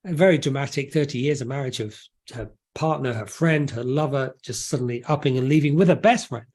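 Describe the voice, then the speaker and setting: A man, an author explaining his ideas in an animated, joking way with frequent restarts and asides. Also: mid-range voice, fairly quick. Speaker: author and guest. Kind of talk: casual interview explanation.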